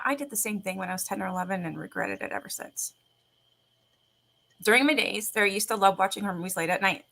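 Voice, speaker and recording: A woman's voice: medium pitch, sharp tone. A woman host, chatting casually in a rambling, laughing way and reading ghost stories aloud.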